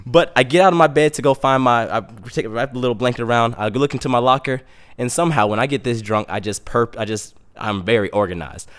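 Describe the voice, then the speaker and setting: Animated young man telling a funny story. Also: mid-range voice, smooth. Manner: animated, self-mocking, acts out quotes. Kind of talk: casual comic storytelling.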